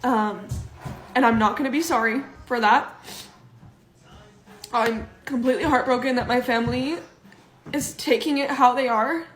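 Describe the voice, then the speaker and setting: A woman's voice: fairly high pitch, moderate pace, pauses often, roomy sound. A young woman speaking to camera in an emotional vlog, her voice breaking as she tries not to cry.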